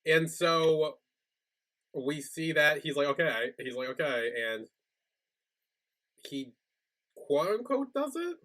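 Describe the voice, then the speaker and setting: A man's voice: on the high side, animated, slow, long pauses, fairly bright tone. A man co-hosting a podcast, chatting casually as he retells a show's episode and acts out the characters' lines. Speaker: podcast co-host. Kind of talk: casual recap chat.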